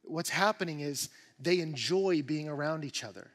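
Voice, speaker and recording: A male pastor preaching a sermon in an animated, emphatic way, with rising bursts of energy. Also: on the high side, moderate pace, hardly any pauses, big-room sound. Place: church auditorium.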